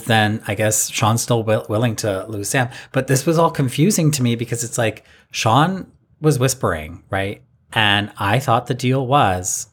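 A man with a low, somewhat husky voice talks through a reality show episode in easygoing chat. He tells it like a story and slips into quick impressions of the players. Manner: lively storytelling, mimics the players. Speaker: podcast co-host recapping a reality show. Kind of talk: casual chat.

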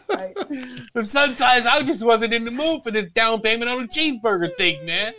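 A man co-hosting a morning radio show, telling stories in a loose, animated way and acting out what people said. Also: very high-pitched, brisk. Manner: animated storyteller, acts out quotes, swears freely. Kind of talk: casual radio chat.

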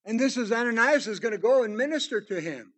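A man preaching a sermon, reading Bible verses aloud and commenting on them, swinging between loud emphasis and hushed prayerful tones. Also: extremely high pitch, expressive, fast.

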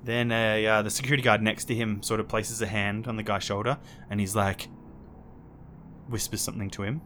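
A man's voice: lowish voice, brisk, slight background noise. A man narrating as game master of a tabletop game, laughing often. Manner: laughs often, lively voices for guards.

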